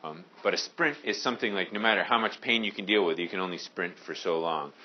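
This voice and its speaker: A man from Maine teaching a high school science class, casual and joking with his students. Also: fast, muffled recording, a little hiss or hum. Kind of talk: classroom lecture.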